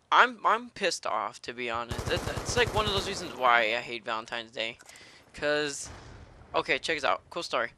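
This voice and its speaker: A man's voice: mid-range voice, background noise. A man doing live gameplay commentary, ranting and cursing in a fired-up rage. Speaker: gaming commentator.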